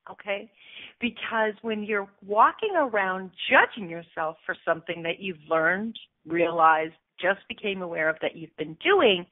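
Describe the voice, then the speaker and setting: Woman host on a husky phone line. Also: medium pitch. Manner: lively, laughs often, acts out voices. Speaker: radio show host and coach. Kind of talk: casual coaching talk show.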